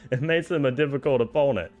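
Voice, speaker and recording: A man giving casual, excitable play-by-play commentary on a card game tournament, chuckling often and cheering the players on. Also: medium pitch.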